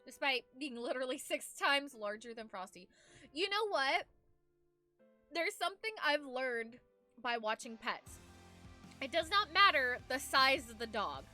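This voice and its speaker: A woman's voice: high-pitched, expressive, measured pace, bright, forceful tone. A young woman streaming from home, chatting casually and rambling as she reads viewer messages aloud, with faint music behind her. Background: faint background music.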